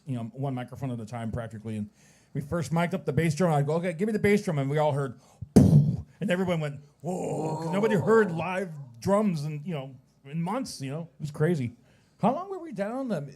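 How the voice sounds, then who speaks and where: Sound guy rattling off a story fast, mellow voice, animated with sound effects. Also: a little high. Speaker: venue sound engineer. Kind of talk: casual chat.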